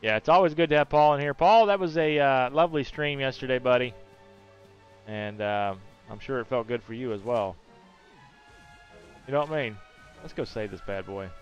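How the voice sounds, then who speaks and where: A man streaming a video game, chatting casually with his viewers, joking crudely and now and then bursting into loud hyped shouts. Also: medium pitch, normal speed, pauses often, dull audio, soft background music. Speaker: gaming streamer.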